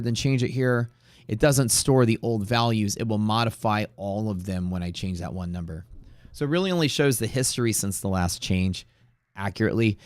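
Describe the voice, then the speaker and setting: A man's voice: mid-range voice, clean tone, no room sound. A man hosting a live day-trading stream, talking in a chatty, rambling way that turns profane at times. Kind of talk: casual live-stream commentary. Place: Houston area.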